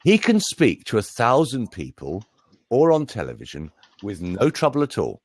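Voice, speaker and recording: A man's voice: on the low side, wildly swooping pitch, moderate pace, breathy edge, no room sound, studio quality. A middle-aged British man, a voice coach, chatting in a jokey, show-off way. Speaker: voice coach and speaker. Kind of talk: casual live chat.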